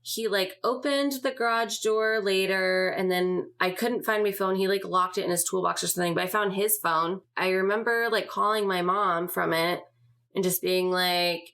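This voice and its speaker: A woman's voice: on the low side, fairly even intonation, measured pace, a bit bright. A young woman hosting a podcast, telling a personal story in a candid, casual way, full of swearing and fillers. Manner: casual, profane, filler-heavy. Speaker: podcast host.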